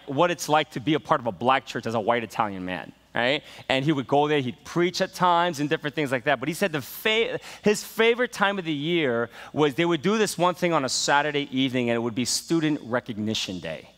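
A male pastor preaching a sermon in a relaxed, storytelling way, full of fillers, that builds to enthusiasm. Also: on the high side, brisk, few pauses, big-room sound. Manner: conversational storytelling with many fillers and rising enthusiasm. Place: church sanctuary.

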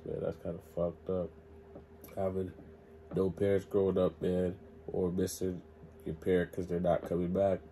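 A man's voice: deep voice, dark tone, a little hiss or hum. A man hosting a reaction video, commenting emphatically in slang.

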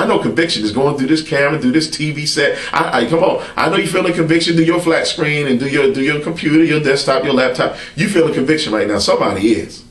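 Echoey apostle preaching with lively pitch. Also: male voice, far from the mic. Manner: preacherly call-and-response, frequent amens; colloquial, conversational preaching. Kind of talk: sermon to camera. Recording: roomy echo, speaker set back from the mic.

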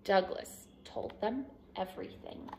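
A woman from a school staff reading a picture book aloud to children in an expressive, animated way. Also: mid-range voice, measured pace.

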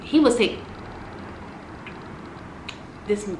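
A young woman telling a story about her past in a casual, animated way, cursing and swinging between loud outbursts and hushed asides. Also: on the high side, very slow. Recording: echoey room with noise.

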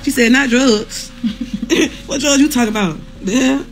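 A woman's voice: sits high, a little slow, faint music behind. A woman in pain, streaming live from a hospital room, who talks bluntly with lots of cursing and laughs through her pain while reading viewer comments. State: in pain, near tears. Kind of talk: casual live chat with viewers.

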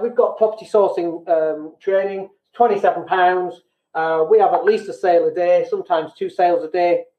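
A British man hosting a business podcast, talking bluntly and casually and poking fun at himself. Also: sits high. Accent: British English. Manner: blunt, self-deprecating, acts out quoted people. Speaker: podcast host. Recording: echoey room, tinny phone-like sound.

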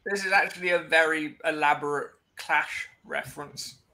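A man's voice: a little high, fairly even intonation, moderate pace, sharp tone, slight background noise. A man hosting a live writing stream in casual, teasing chat with his guests. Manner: playful, teasing. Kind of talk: casual chat among writers.

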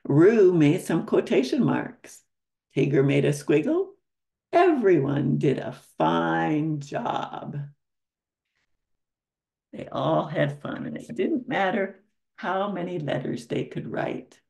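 Reading a picture book to children, this older storyteller stops between pages to put questions to the listener. She speaks slowly in a low, warm, creaky voice with lively intonation.

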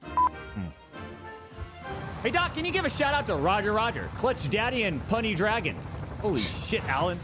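A man's voice: high voice, very animated, a little fast, over music. A man streaming live, reading viewer donations aloud with brash, mock-serious banter. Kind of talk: theatrical livestream banter.

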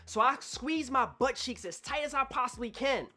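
A man telling a personal story to camera in an animated way, acting out his own past thoughts. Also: very high voice, normal speed. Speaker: vlogger.

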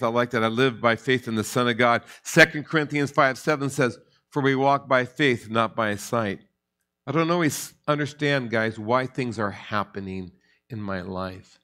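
A man's voice: medium pitch, a bit bright. A middle-aged man, a pastor, teaching a Bible study in a conversational way, often repeating words and building to emphatic points.

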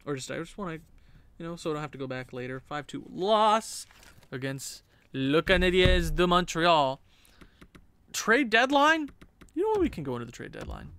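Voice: mid-range voice, sing-song, brisk, creaky, a bit bright. A gaming channel host giving casual, chatty gameplay commentary and laughing at their own jokes.

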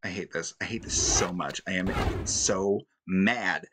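A man's voice: low voice, unhurried, very noisy. A young man streaming a video game, groaning, sighing and swearing in frustration as he plays. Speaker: gaming streamer. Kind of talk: frustrated let's-play commentary. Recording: game music loud behind voice.

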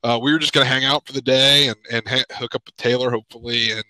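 A man in a podcast video call, talking haltingly with many pauses and fillers, choked up with emotion. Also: mid-range voice, fairly even intonation, pushed and bright, slight background noise, poor audio. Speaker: podcast panelist. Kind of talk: emotional casual chat. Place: home.

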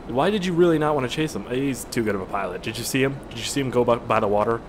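A man's voice: medium pitch, rapid-fire, hardly any pauses, background noise. A young man doing casual, profane gameplay commentary, rambling and joking as he plays. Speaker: gaming channel host.

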